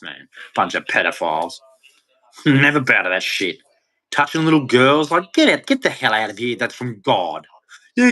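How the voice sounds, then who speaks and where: A man's voice: mid-range voice, fairly bright tone. A man delivering an angry, heated rant, swearing and speaking with hard emphasis. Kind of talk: angry ranting monologue.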